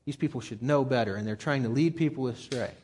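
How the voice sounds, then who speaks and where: A man's voice: mid-range voice, fast, breathy edge. A man preaching a conversational sermon, getting fired up and talking plainly to his listeners. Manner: conversational and animated, gets fired up. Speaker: pastor.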